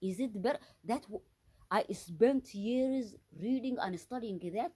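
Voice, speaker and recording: A woman's voice: fairly high pitch, slow, mellow, slightly rough. A woman delivering an unscripted solo monologue, agitated and accusatory, often stopping to restart and repeat her words for emphasis. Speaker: vlogger.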